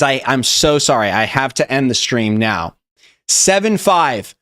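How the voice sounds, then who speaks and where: A young man hosting a live stream, reacting loosely and profanely to memes, rambling and chatty. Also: medium pitch. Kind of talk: casual live-stream meme review.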